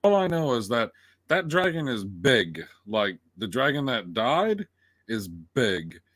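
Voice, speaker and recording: A man's voice: medium pitch, slow pace, no echo. A man co-hosting a casual review chat, swearing often and acting out his own reactions as he retells scenes. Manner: profane, animated, acts out his reactions. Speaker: co-host.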